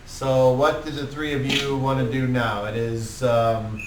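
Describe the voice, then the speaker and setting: A man running a tabletop game as game master, narrating haltingly with many fillers. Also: mid-range voice, level tone. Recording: roomy, distant mic, noticeable hiss.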